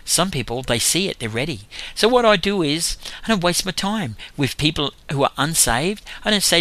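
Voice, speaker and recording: An older man, telling a lively testimony about his street evangelism, laughing as he goes. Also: a little high, moderate pace, hardly any pauses, no room sound. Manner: animated storytelling with laughs. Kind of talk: testimony talk.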